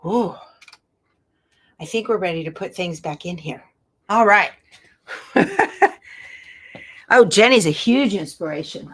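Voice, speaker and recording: A woman with a medium-pitched voice hosts a quilting show, chatting casually to her viewers and to herself while sorting her craft room. She's out of breath at times, and she's recorded on earbuds with slight background noise.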